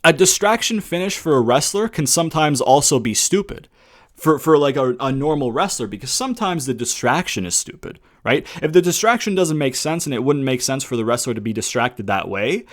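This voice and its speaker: A young man delivers a heated, profanity-laced review in a casual ranting tone. His voice sits at an ordinary middle pitch. He peppers his talk with rhetorical questions and addresses the listener as "brother.". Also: big pitch swings, fairly quick. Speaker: wrestling reviewer.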